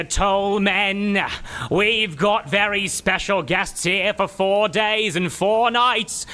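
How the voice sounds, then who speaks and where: Guy doing a big bossy fire troll, rough folksy talk, kinda high and loud. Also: exaggerated voice. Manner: folksy rough dialect, blustering orders. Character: huge male fire troll, bossy slaver lord.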